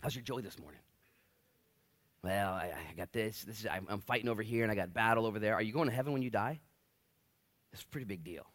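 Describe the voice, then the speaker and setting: A man in his late thirties preaching a sermon. His voice is bright and forceful. He tells stories with lively energy and acts out quotes, jumping from soft asides to loud exclamations. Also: fairly low pitch, quick pace, pauses often. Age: 30s. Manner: animated storytelling, big swings in loudness, acts out quotes. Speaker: pastor.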